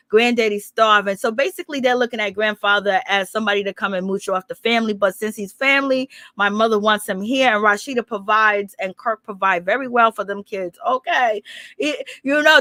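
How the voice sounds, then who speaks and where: High, bright-voiced woman dishing gossip. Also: dry recording, studio quality. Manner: animated, slangy storytelling with frequent laughter. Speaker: reality TV recap vlogger. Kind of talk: casual gossip recap.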